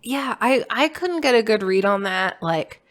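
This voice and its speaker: A woman co-hosting a podcast, chatting frankly about a film with quick reactions and casual swearing. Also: fairly high pitch, expressive, fairly bright tone. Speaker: podcast co-host.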